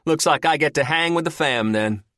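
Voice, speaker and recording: A man's voice: a little high, moderate pace, sharp tone, no echo, clean studio sound, pitched above the performer's own voice. A man voicing a wisecracking trapped male soldier in an audiobook, with a sarcastic, teasing manner and a raised voice. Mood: joking.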